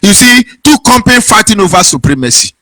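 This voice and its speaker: Fervent Nigerian man, high bright voice. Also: sing-song, fast talker, no room sound. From southeastern Nigeria. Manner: fervent, sing-song preaching cadence. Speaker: online broadcast host. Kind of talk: impassioned political monologue.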